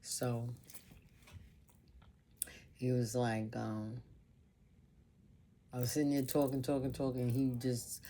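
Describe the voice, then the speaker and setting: A woman's voice: extremely low pitch, little pitch movement, takes it slowly, pauses often, dark tone, slight background noise. A woman vlogger telling a personal story in an emotional monologue, earnest and informal, piling up repeated phrases.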